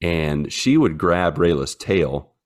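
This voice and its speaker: Deep-voiced man rambling through a story. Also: expressive, slow. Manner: rambling storyteller, many fillers, acts out his dogs in silly voices. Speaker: podcast co-host. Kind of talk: casual chat.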